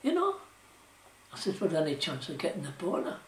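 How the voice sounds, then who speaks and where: An older man from South Shields, England, a former shipwright, reminisces for an oral history, his Geordie dialect casual and full of "you know" and "like" as he rambles through stories of his working life. His voice is on the high side and quick. He sounds off-mic and distant, with roomy echo and slight background noise.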